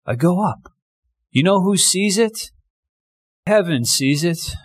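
A man's voice: sits high, animated, slow pace, slightly rough. A man preaching a sermon in a conversational way, often restarting lines and acting out short quotes. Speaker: pastor.

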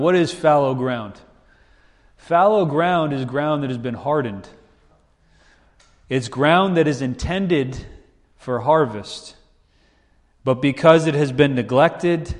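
A man preaching a sermon in a conversational style, his pitch rising whenever he acts out quoted voices. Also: big-room sound. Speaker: pastor.

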